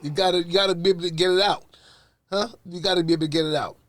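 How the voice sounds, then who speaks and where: A man's voice: high voice, steady tone, very fast. A man, co-hosting a podcast and arguing back playfully in casual banter. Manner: argumentative, playful. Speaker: podcast co-host.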